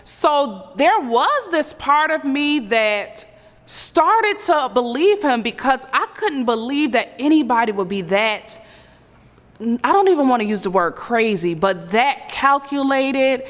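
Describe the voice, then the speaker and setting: A woman in her thirties earnestly recounting a painful personal story, halting and full of fillers. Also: sits high, animated, long reverb tail. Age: 30s. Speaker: survivor telling her story. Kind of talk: personal testimony.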